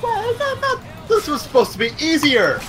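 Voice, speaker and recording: A man playing a game with friends, loud, swearing and yelling orders. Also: very high voice, huge pitch swings, a little fast, poor audio. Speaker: game player. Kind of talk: casual gameplay chat.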